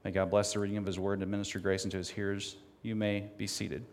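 A man's voice: fairly low pitch, little pitch movement, fast. Man preaching in a reverberant sanctuary. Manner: rising to loud emphatic reading of scripture. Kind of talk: sermon with scripture reading. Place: church sanctuary. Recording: long hall reverb.

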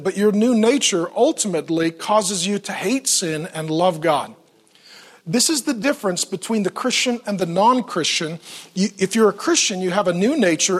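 A man's voice: high-pitched, husky. A middle-aged man preaching as a pastor, telling stories with acted-out dialogue. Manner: animated storytelling with acted-out dialogue. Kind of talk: sermon.

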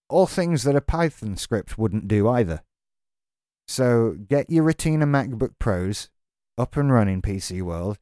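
A man's voice: on the low side, lively intonation, normal speed, warm tone, no echo, clean studio sound. A man delivering an exasperated, sarcastic, sweary rant as a tech vlogger. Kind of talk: ranting monologue to camera.

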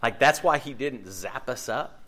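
A man's voice: mid-range voice, measured pace. A man preaching a conversational sermon as a minister, joking and quizzing the listeners. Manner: joking, animated, asks the room questions.

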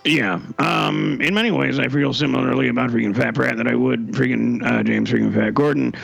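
A man on a comedy podcast who talks haltingly with many ums and packs a mild curse word into nearly every phrase. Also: mid-range voice, steady tone, gravelly, slightly rough, faint music behind, low-quality recording. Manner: hesitant, stuffs every sentence with one mild curse word.

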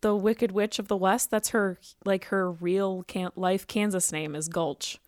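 A woman's voice: medium pitch, steady tone, measured pace, dry recording, studio quality. A young woman co-hosting a casual podcast, chatty as she reads film history with side remarks. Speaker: podcast co-host.

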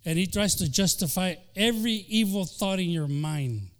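Fervent pastor preaching, voice rising and falling. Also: male voice, high voice, lively intonation, normal speed. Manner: fervent preaching with sudden shifts from loud to soft; acts out quoted voices, including the devil. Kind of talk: bilingual sermon.

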